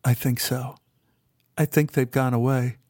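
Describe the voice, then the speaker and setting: A man's voice: level tone, measured pace, a little mellow, no echo, clean studio sound, lightly acted. A man reading an audiobook and voicing a distraught, frightened young woman in a raised, pleading voice. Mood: shaken. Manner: high, tearful and pleading. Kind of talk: audiobook character voice.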